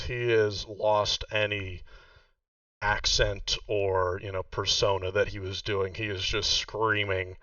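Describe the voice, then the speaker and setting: A man running a tabletop game, rambling through his narration with frequent fillers. His lowish voice sounds bright yet distant and muffled, in a dry space. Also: flat delivery, slow pace, dry recording. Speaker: game master.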